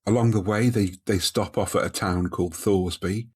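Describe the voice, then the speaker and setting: A very low-pitched man with a husky, breathy edge to his voice. He talks through a story's plot at an even, careful clip as a podcast co-host, easygoing and conversational. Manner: measured, retells plots step by step. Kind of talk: casual book discussion.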